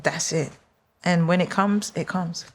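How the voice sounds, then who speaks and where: A woman in her forties from London with a London accent, chatting as a podcast guest, animated and laughing often. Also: measured pace. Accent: London English. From London, England. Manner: animated, laughs often, quotes people in high voices. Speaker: guest singer. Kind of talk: casual podcast chat.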